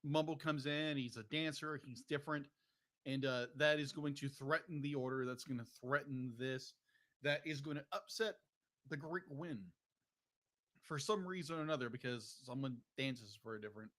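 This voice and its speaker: A man with a mid-range, slightly bright voice talks at normal speed while hosting a laid-back film discussion podcast. His speech rambles, he restarts frequently, and "be like" keeps coming up.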